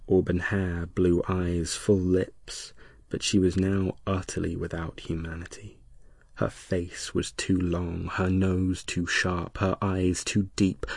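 A man narrating an erotic audiobook in a slow, hushed, lingering delivery. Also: low voice, breathy edge, dry recording, clean studio sound.

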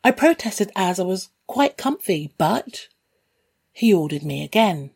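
A woman's voice: fairly low pitch, big pitch swings, a little slow, vocal fry, darkish tone, husky. A woman reading a first-person story in a candid, dryly wry way. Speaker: narrator.

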